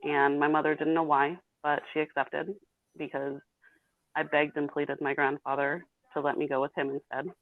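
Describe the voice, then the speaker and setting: A woman's voice: low-pitched, flat delivery, moderate pace, no echo. A woman in her thirties, a guest telling her own painful story candidly and bluntly. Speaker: interview guest. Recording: tinny phone-like call audio.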